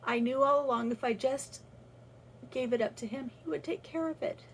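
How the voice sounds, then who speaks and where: A vlogger shares a personal faith reflection, her high-pitched, slightly rough voice moving at a moderate pace. She's casual and earnest, restarting sentences as she thinks aloud, and the recording quality is low.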